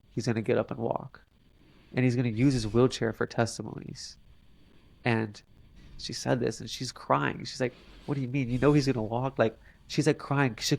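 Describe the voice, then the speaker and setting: A young man, a podcast guest, telling a long story in a halting way with many fillers and restarts. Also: medium pitch, creaky. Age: young adult. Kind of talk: casual storytelling interview.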